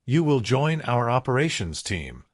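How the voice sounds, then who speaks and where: A man voicing a firm, commanding male company boss who speaks with measured authority in a storybook. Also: mid-range voice, sing-song, no echo, studio quality. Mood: warm, firm.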